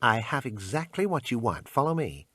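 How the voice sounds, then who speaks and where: A man's voice: medium pitch, very animated, normal speed, bright, forceful tone, husky, pitched above the performer's own voice, heavily acted. A man voicing an eager, pushy male pawnshop salesman who haggles over prices in an audiobook. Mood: eager salesy. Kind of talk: audiobook character voice.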